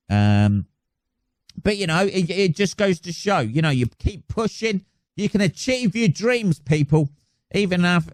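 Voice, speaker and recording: A podcast host chats alone on his own show in a casual, rambling, sweary, self-mocking way. His mid-range voice has a darkish tone, and the recording is dry.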